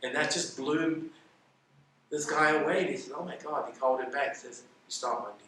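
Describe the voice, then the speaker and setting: A man with a bright, forceful voice talks through stories in a relaxed interview, acting out the lines of the people in them. He is picked up from a distance in a very echoey room with a little background noise. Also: medium pitch, brisk. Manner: animated, acts out quoted dialogue. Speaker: interview guest. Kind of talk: casual interview storytelling.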